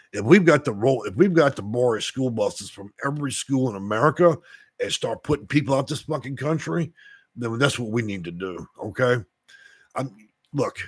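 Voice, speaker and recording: A man's voice: medium pitch, no room sound, clean studio sound. Rambling, profane man. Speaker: channel host. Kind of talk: casual live-stream chat. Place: rural home.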